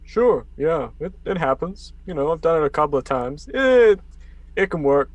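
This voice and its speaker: A man's voice: fairly high pitch, expressive, moderate pace. A man playing a tabletop game in character, laid-back and hesitant with many fillers. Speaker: player. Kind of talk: casual in-character tabletop play.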